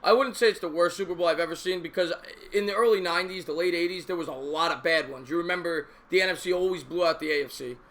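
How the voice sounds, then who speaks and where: A man in his thirties with a New York accent, hosting a live sports call-in show, chatty and quick to repeat himself. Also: a little high, fairly bright tone. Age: 30s.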